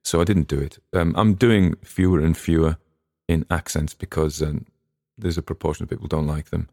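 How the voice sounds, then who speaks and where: A man's voice: very deep voice, fairly even intonation, fairly quick, warm tone, dry recording, studio quality. An English man hosting a podcast, chatting casually in a rambling, digressive way with frequent restarts. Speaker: podcast host and reader.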